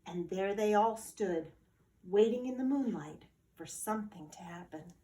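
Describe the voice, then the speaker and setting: Slow, expressive woman reading a picture book. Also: medium pitch, reverberant, slight background noise. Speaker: teacher reading aloud. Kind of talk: children's storybook read-aloud.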